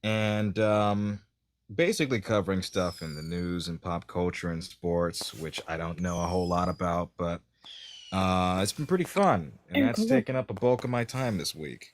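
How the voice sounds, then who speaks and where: A man chatting casually as a guest on a live stream, relaxed and hesitant, with lots of fillers. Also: deep voice, normal speed, no echo. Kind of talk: casual chat.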